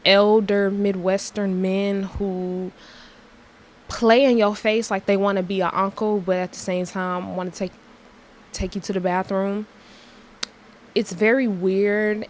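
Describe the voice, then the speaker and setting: A young woman hosts a casual podcast and rants through a personal story, candid and emphatic, leaning on fillers. She takes her time, speaking at an unhurried, drawn-out pace. A faint hum of room ambience sits under her voice. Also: mid-range voice, low-quality recording. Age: young adult. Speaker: podcast host.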